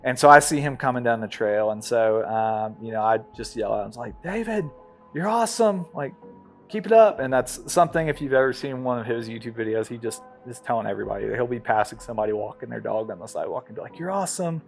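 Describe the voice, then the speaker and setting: A man, an ultramarathon runner, telling his race story in a documentary interview, halting and conversational with many fillers. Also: on the low side, fairly even intonation, gravelly, soft background music.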